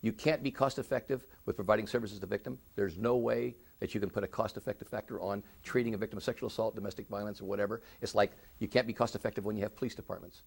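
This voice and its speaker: A middle-aged man giving an oral history interview, speaking earnestly with many halting restarts. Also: on the low side, fairly even intonation, vocal fry, breathy edge. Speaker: interviewee, victim services director.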